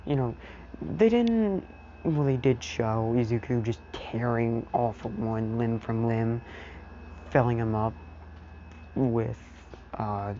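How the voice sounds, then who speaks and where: A man telling an improvised fan story in a slow, rambling way, dropping "you know" into nearly every line. His tone is mellow and unhurried. The recording is dull and lo-fi with a faint hiss of noise. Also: mid-range voice. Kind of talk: casual improvised story narration.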